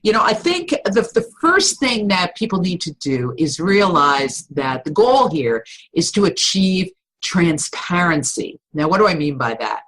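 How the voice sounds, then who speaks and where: A middle-aged woman voice coach explaining vocal tips in a podcast interview, with an animated, instructive storytelling manner. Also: fairly low pitch, measured pace, low-quality recording.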